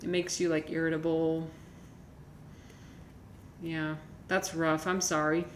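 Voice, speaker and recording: A woman's voice: deep voice, level tone, takes it slowly. A woman streamer, chatting casually with viewers in a rambling way, full of fillers and restarts. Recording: echoey room with faint noise.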